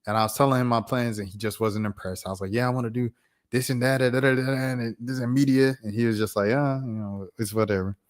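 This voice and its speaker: A man in his thirties tells a story on his home stream in a relaxed, slang-filled way. His voice sits in an ordinary middle pitch, and he keeps the telling lively with quick laughing asides. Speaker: streamer host. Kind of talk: casual storytime.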